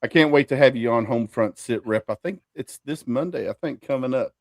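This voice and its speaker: A man's voice: medium pitch, brisk, no echo. A man, telling his story as a podcast guest in an easygoing way. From Kentucky, US. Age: 40s. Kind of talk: casual interview.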